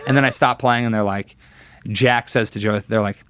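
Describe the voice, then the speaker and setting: A man in his thirties, a guest guitarist telling stories in a casual interview, lively and acting out quotes, with many fillers. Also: on the low side, normal speed, smooth, dry recording.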